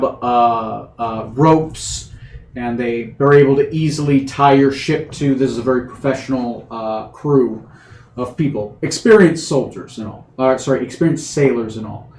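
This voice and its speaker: A man's voice: mid-range voice, a little hiss or hum. A man narrating a tabletop game as game master, hesitant with many fillers. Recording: echoey room.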